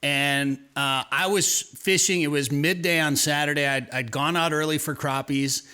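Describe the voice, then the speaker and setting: A man's voice: fairly high pitch, steady tone, normal speed, pushed and bright, clean tone. A man hosting an outdoors radio show, telling a fishing story in a loose, rambling way with plenty of restarts and repeated words. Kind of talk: casual radio chat.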